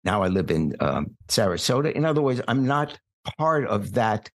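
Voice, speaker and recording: An older man, a podcast guest born in England, telling long stories in a relaxed, wry conversational way. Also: on the low side, normal speed. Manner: relaxed anecdotal storyteller, wry asides. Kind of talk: storytelling in conversation.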